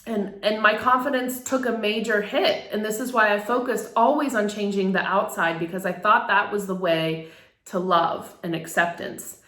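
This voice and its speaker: In an echoey room, a middle-aged photographer shares a story from her own life, open and emotional, with frequent fillers and the occasional laugh. She speaks at normal speed in a medium, fairly bright voice with fairly even intonation.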